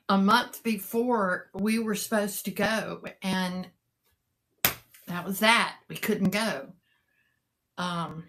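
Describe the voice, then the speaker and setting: A woman's voice: mid-range voice, a bit bright. A middle-aged woman, chatting casually and rambling to live viewers, greeting them by name. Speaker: live-sale seller and vlogger.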